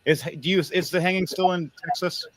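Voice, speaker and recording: A man's voice: high-pitched, steady tone, fairly quick. A man hosting a podcast, talking in a blunt, crude and rambling way in casual opinionated chat. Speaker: podcast host.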